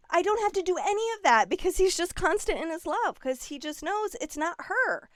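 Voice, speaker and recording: A woman with a high, bright voice and wide, lively swings in pitch, animated and expressive. She often slips into quoted dialogue as she talks. The sound is close and dry. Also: brisk, hardly any pauses, no room sound. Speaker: guest, relationship and leadership mentor. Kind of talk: casual conversational interview.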